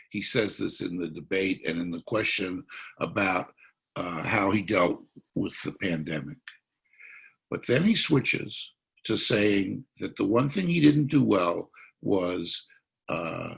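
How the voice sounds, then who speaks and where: A man's voice: sits low, creaky, fairly bright tone, slightly rough. A man speaking as a psychiatrist at a political forum, explaining his analysis.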